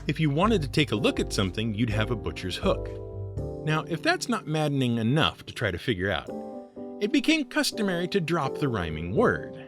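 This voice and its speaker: Lively wry male podcast narrator. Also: medium pitch, normal speed. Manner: wry, sardonic asides. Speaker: host. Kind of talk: scripted narration. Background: music.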